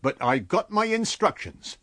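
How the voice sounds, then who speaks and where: A man's voice: high voice, very animated, unhurried, fairly bright tone, no room sound, clean studio sound, voice pushed up, full character voice. A man voicing a dogged village constable who speaks plainly in a rustic way. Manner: plain-spoken, rustic dialect.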